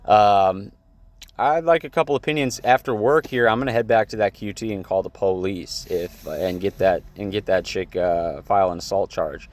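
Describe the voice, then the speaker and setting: A man's voice: fairly low pitch, normal speed. Heated, rambling man venting to camera. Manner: rambling, heated, profane storytelling with many fillers. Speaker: vlogger. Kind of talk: casual venting vlog to camera.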